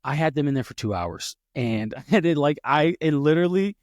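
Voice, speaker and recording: A man co-hosting a podcast tells a long story in loose, casual talk at a mid pitch. He slips into other people's voices as he goes and often backs up to restart a sentence. The sound is dry and close, with no room echo. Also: moderate pace. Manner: animated, acts out quoted voices, many restarts. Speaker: podcast co-host.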